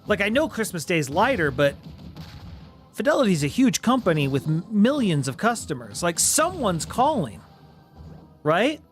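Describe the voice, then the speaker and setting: A man with a fairly high voice tells a long anecdote to his stream audience. He talks casually and animatedly, slipping into quoted voices. Soft music plays faintly underneath. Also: normal speed. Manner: animated storyteller, voices the people in his tale. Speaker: streamer host.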